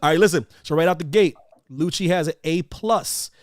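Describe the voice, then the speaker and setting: A man hosting a casual wrestling podcast, loud and excitable, trash-talking and bantering with his co-hosts. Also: a little high, normal speed, dry recording, clean studio sound. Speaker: podcast host.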